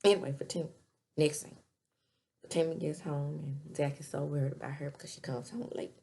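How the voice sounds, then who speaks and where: Brief: woman TV reviewer, low and gravelly, chatty recap with quick asides. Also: steady tone, mellow, slight background noise. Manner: chatty, retells scenes with quick asides and laughs. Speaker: TV episode reviewer. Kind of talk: casual recap commentary.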